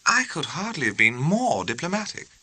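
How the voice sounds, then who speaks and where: A man's voice: on the high side, big pitch swings, moderate pace, pushed and bright, slightly rough, voice pushed up, exaggerated voice, low-quality recording. A man voicing a grave, courteous and very formal young naval officer, speaking precisely in an audiobook reading. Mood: formal puzzled.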